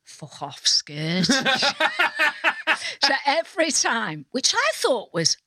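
Lively older woman telling stories. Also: fairly high pitch, takes it slowly, no room sound. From North Wales. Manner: animated storyteller, mimics voices with laughter. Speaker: guest. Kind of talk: casual podcast chat, anecdotes.

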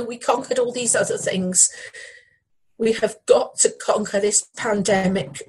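A middle-aged woman, a bereaved widow, speaking in an interview in a halting, grieving way and repeating her words. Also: on the high side, breathy edge, rough recording. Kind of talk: emotional news interview.

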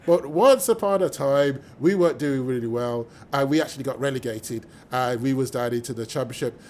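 A British man, a mathematician guest, telling stories with lively energy, acting out the voices of people he quotes and laughing as he goes. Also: medium pitch, fairly quick, slight background noise. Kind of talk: animated storytelling in conversation.

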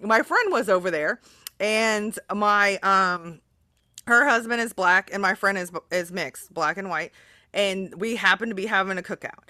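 A woman hosting a podcast, chatting casually in a rambling, earnest way full of fillers. Her voice is bright and forward. The sound is dry and close. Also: mid-range voice, no room sound. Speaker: podcast host. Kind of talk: casual interview chat.

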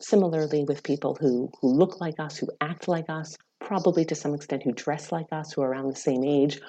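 A woman psychology lecturer, a podcast guest, explaining her research in a measured, explanatory way. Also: sits low, mellow. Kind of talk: academic podcast interview.

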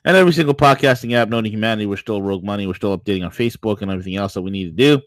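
Dude hosting a morning show, kinda low voice, playful and rambly, dry close mic. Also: male voice, quick pace, hardly any pauses, dry recording. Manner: playful, hypey, rambling with restarts. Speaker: show host. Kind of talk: casual morning show chat.

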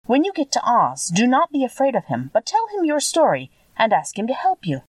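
A woman voicing a kindly little old woman, the Witch of the North, gentle and solemn in a storybook reading. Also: fairly high pitch, wildly swooping pitch, brisk, no room sound, distant mic, pitched above the performer's own voice.

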